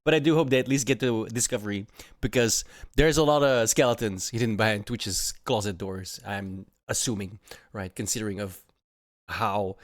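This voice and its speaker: A man's voice: lowish voice, moderate pace. A young man streaming casual reaction commentary, mocking and swearing, often breaking into laughter.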